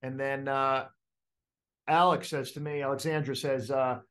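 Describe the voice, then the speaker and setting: A man's voice: medium pitch, a little slow. A man coaching a group, talking casually with many fillers and restarts and acting out inner voices. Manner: animated, acts out inner voices. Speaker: coach leading a group call. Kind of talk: casual teaching talk.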